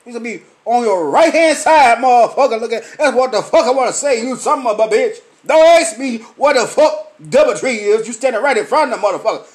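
A high-pitched man, a little drunk and sweating, rants in a comedic style and swears at almost every word. He keeps mimicking the people who pester him with questions, with a lot of energy. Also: animated, brisk, hardly any pauses. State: tipsy, sweating. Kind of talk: profane comedic rant. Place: lively night venue with drinks.

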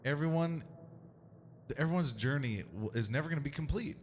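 A man's voice: fairly high pitch, fairly quick, slight background noise. A man co-hosting a paranormal podcast, casual and joking, with playful asides. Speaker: podcast co-host. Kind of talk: casual chat.

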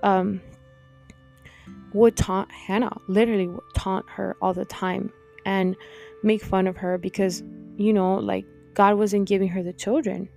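A woman's voice: medium pitch, level tone, a little slow, creaky, mellow, faint music behind. A woman hosting a podcast, giving a casual, heartfelt Bible talk full of fillers like "like" and "you know.". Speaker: podcast host teaching the Bible.

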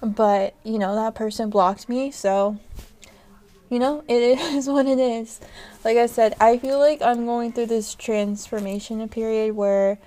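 A young woman talks straight into her podcast microphone in a loose, rambling solo chat. Her voice sits a little high, and she peppers her talk with "like," casual swearing and quick laughs. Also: steady tone, mellow. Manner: chatty, swears casually, laughs often, many fillers. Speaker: podcast host.

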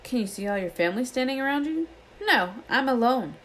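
An eager, grumbling eleven-year-old wizard boy, voiced by a woman reading a storybook aloud, pitched high with a bouncing, lively delivery. He talks in a quick, boyish rush. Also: slight background noise, rough recording. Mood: excited.

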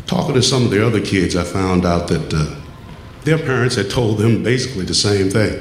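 A man telling a true personal story on stage, measured and plain, dropping his voice low at times. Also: slight background noise. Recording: echoey room with faint ambience.

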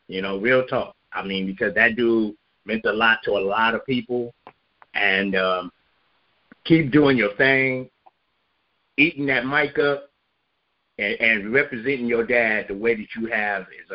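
A male co-host of an online radio show, talking in an earnest, emotional way. He often stammers and repeats himself. His voice has a dull, lo-fi sound. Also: lowish voice. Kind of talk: casual chat.

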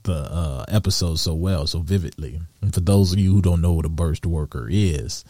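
A man hosting a solo podcast, talking in a slow, musing way with soft laughs and restarts. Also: low voice, no room sound. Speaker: podcast host. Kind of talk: reflective solo podcast monologue.

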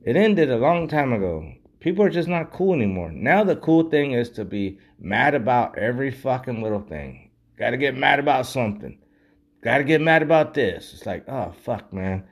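A man's voice: medium pitch, very animated, moderate pace. A man ranting in a casual, rambling way and swearing constantly while drinking beer. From United States. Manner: profane, rambling, heavy swearing.

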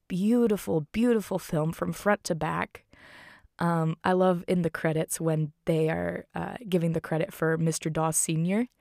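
Low, gravelly-voiced woman recapping a film. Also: darkish tone, no echo, clean studio sound. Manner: heartfelt, rambling, many fillers. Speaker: film reviewer. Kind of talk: casual spoken film recap.

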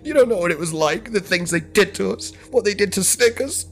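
A man's voice: sits high, animated, fairly quick, a bit bright, soft background music, pitched above the performer's own voice. A man voicing a traumatized young man, sobbing, panicked and swearing in a horror story. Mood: distraught. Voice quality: shaky, tearful, sobbing.

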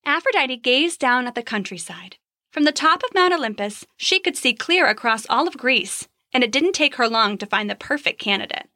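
A woman narrating a children's story in an expressive, scripted storytelling manner on a close studio mic. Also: sits high, moderate pace, dry recording.

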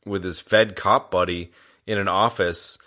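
A man's voice: low voice, steady tone, a little slow, pushed and bright. A man co-hosting a movie podcast, recounting scenes and breaking into laughter as he talks. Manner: giggly storyteller, laughs mid-sentence. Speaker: podcast co-host. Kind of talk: casual movie review chat.

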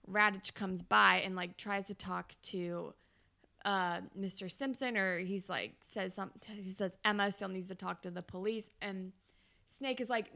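Woman, podcast co-host, gravelly voice, casual detailed recap, chatty. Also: mid-range voice, fairly bright tone. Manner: chatty, detailed retelling with many fillers. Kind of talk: casual chat recapping a TV episode.

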